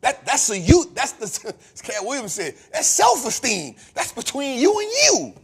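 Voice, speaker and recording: A man's voice: very high voice, huge pitch swings, moderate pace, slightly rough. A man hosting a podcast, giving a preachy, emphatic motivational finance talk full of repetition and casual street slang. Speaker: podcast host.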